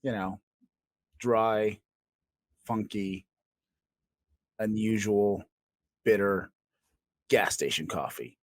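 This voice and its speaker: A man's voice: on the low side, very slow, pauses often, dry recording. A man co-hosting a comedy podcast, spinning absurd made-up stories in a playful, joking way. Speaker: podcast co-host.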